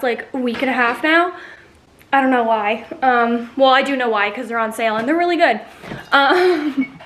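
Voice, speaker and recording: High-voiced chatty young woman vlogging. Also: fairly bright tone, a little hiss or hum, low-quality recording. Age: 20s. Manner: chatty, rambling, filler-heavy. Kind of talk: casual vlog chat.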